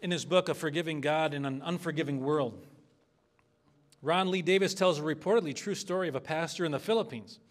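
A man's voice: fairly high pitch, fairly quick. A man preaching an expository sermon as a pastor, earnest and conversational, asking the congregation for responses.

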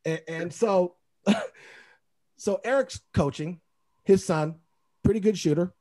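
A man's voice: high voice, lively intonation, takes it slowly, warm tone. A man, a basketball referee, telling a story in casual chat, acting out quotes and laughing often.

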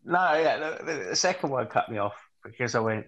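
A man from England co-hosting a podcast, telling crude stories in an animated way, swearing and laughing at his own jokes. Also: mid-range voice, brisk, poor audio. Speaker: podcast co-host. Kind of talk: crude comedic casual chat.

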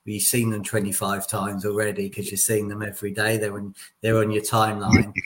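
A man's voice: on the low side, completely flat delivery, a little fast, very noisy. A man hosting an interview podcast, chatting conversationally and telling anecdotes. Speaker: podcast host. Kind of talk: casual interview chat.

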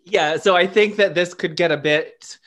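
A man's voice: high-pitched, normal speed, fairly bright tone. A man co-hosting a podcast, telling rambling personal stories in a playful, self-deprecating way. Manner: rambling, laughing storyteller. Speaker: podcast co-host. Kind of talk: casual chat.

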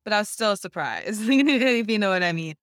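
Woman podcast co-host, bright voice, dry close sound, blunt and animated with laughs. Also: medium pitch, normal speed, dry recording. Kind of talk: casual chat.

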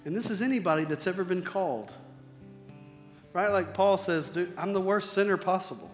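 High-voiced male preacher in a reverberant hall. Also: brisk, soft background music. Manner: conversational preaching, swings between loud emphasis and soft near-whispers. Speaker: pastor. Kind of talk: sermon.

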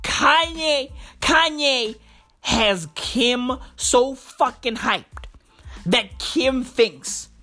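A woman's voice: high voice, very slow, pushed and bright. A woman ranting through music commentary, profane and repetitive, calling everyone bro.

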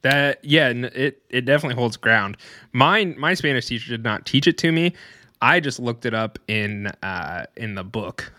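A man's voice: mid-range voice, expressive, moderate pace, pushed and bright, dry recording, clean studio sound. Laughing young man telling stories. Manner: rambling storyteller, laughs often. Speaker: podcast co-host. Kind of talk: casual chat.

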